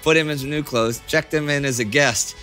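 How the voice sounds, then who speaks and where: A male history host with a bright, clear voice tells stories casually and chuckles now and then. His tone is relaxed and conversational. Faint music plays underneath. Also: fairly high pitch, brisk. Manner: storytelling, chuckling, laid-back. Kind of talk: casual anecdotal chat.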